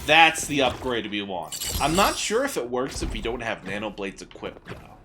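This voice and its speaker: A man at a middle pitch talks through his run as a gaming streamer. He jumps between eager play-by-play and jokey asides, and swears freely. Game music plays clearly behind him. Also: very animated, moderate pace. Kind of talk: casual gameplay commentary.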